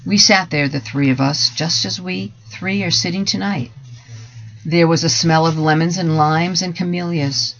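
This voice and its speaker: A man giving a dramatic first-person story reading in a measured, deliberate voice that drops to hushed softer passages. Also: on the high side, fairly even intonation, vocal fry. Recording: dull lo-fi recording.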